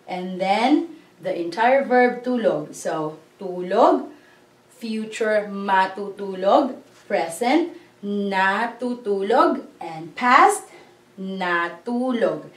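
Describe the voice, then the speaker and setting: Slow, patient woman teaching grammar. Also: mid-range voice. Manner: patient, spells out syllables and repeats words slowly. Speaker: language teacher. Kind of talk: slow classroom-style grammar lesson. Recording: echoey room, voice a bit far from the mic.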